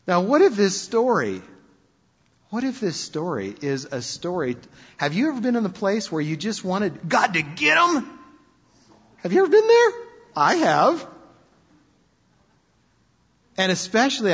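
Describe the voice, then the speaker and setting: Animated, husky-voiced male preacher. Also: on the high side, normal speed. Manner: animated, conversational storytelling. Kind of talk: sermon. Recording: dull lo-fi sound with long hall reverb.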